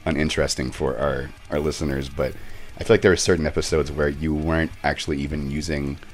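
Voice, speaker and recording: A man co-hosting a podcast in casual chat, relaxed and wry, teasing his co-host. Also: very deep voice, quick pace.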